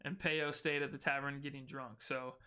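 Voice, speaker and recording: A man's voice: medium pitch, level tone, moderate pace, sharp tone, smooth. A man narrating a homebrew tabletop game as game master, with loose, casual storytelling full of fillers.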